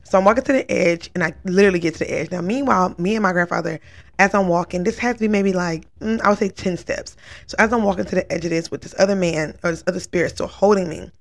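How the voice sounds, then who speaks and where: A woman's voice: fairly low pitch, quick pace, vocal fry. Earnest woman rambling through a dream story. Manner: rambling, many "like" fillers, earnest. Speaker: vlogger recounting a dream. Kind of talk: casual storytelling.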